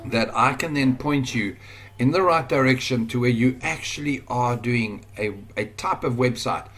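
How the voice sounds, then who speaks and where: Speaking in a mid-range voice, a South African man walks through online business in an informal screen-share tutorial. His delivery meanders as he thinks out loud, with occasional excited bursts.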